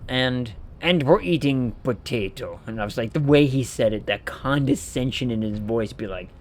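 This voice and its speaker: A man's voice: medium pitch, moderate pace. Playfully outraged male streamer. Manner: playful mock outrage, rambling enthusiasm. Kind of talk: casual gameplay commentary.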